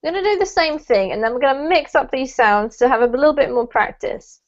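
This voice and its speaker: A woman's voice: high-pitched, expressive, a little fast. Encouraging woman teacher on a muffled call. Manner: encouraging, gives gentle feedback. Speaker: pronunciation teacher. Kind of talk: online group pronunciation class. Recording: muffled video call audio.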